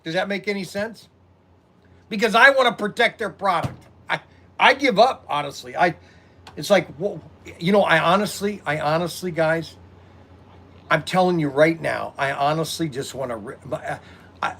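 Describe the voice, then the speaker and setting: A man's voice: fairly high pitch, normal speed, creaky, a little hiss or hum. A man who runs a hobby shop, chatting casually and rambling to his viewers on a livestream, recorded on a phone set on a tripod. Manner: rambling, animated, talks to viewers directly.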